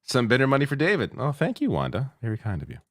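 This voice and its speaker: A man's voice: medium pitch, huge pitch swings, fast talker, no echo, studio quality. A man co-hosting a political livestream, reading viewer questions and donations in a laid-back way, often chuckling and trailing off. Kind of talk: casual livestream chat.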